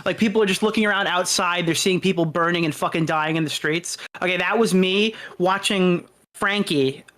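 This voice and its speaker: A man calling in to a stream who tells a story in a rambling, excited way, full of swearing and exaggeration. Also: sits high, moderate pace. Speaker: call-in guest. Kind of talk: casual storytelling on a call. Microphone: voice call.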